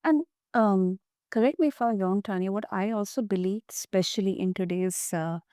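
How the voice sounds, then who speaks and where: A woman hosting an interview over a video call, halting and searching for her words. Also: medium pitch, mellow, clean tone, no echo, clean studio sound. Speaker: podcast host. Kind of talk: conversational interview.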